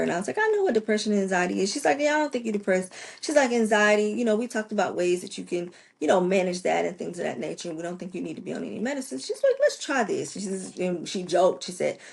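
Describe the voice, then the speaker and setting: A woman's voice: fairly low pitch, creaky, slightly rough. A woman, hosting a podcast and telling a personal story with emotion, acting out the voices of the people in it. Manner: emotional, acts out quoted voices. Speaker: podcast host.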